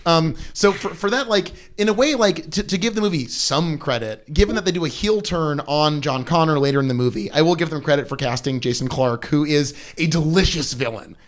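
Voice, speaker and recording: A young man with a fairly high voice co-hosts a comedy podcast. He riffs sarcastically and swears freely, in a loose, animated chat. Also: brisk, hardly any pauses. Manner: sarcastic, profane, animated riffing. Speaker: podcast co-host. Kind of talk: casual comedic movie chat.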